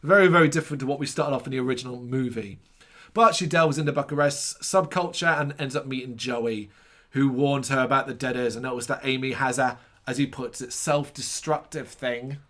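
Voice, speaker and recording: A man's voice: mid-range voice, a little fast, a bit bright. A man co-hosting a casual film review podcast, sarcastic and swearing freely, with mocking asides. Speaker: podcast co-host.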